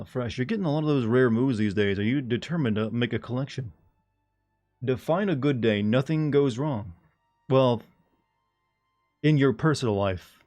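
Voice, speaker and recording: A man chatting loosely with his stream chat, wandering from thought to thought and cracking jokes. His voice sits at an average pitch, with faint music playing in the background. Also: a little mellow. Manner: rambling, jokey, puts on silly voices. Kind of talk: casual chat with viewers. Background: faint music and air conditioning hum.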